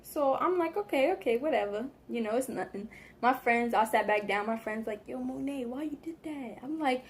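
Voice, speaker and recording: A young woman casually telling a story to the camera, slangy and animated, acting out what people said. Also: sits high, moderate pace. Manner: animated, slangy, acts out quotes. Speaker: vlogger.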